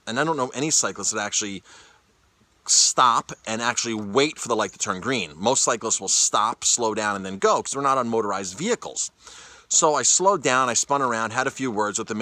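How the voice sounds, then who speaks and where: A man telling a personal story in a casual vlog, animated, often stumbling over and repeating his words. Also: mid-range voice, dry recording. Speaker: chef and cyclist vlogger.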